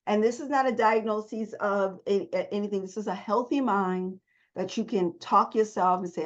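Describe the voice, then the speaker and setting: A woman's voice: mid-range voice, normal speed. A woman therapist giving a motivational self-help talk, emphatic and repeating her key phrases. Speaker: therapist coaching viewers. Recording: dull lo-fi audio.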